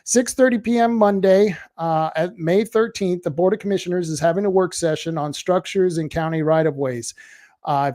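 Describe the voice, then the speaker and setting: A man's voice: sits high, dark tone, no room sound, studio quality. A man hosting a local political web show in casual livestream commentary, blunt and sarcastic as he talks back to online commenters.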